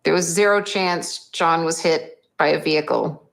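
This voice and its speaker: A woman's voice: deep voice, moderate pace, creaky. A woman with a Massachusetts accent giving an interview, denying accusations in an emphatic, earnest, exasperated way. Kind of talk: recorded TV interview.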